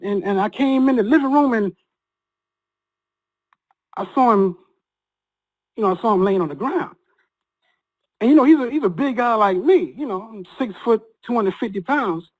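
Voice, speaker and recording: A male guest with an extremely high-pitched voice shares an emotional personal story. He speaks earnestly but haltingly, restarting many times, and the recording is muffled.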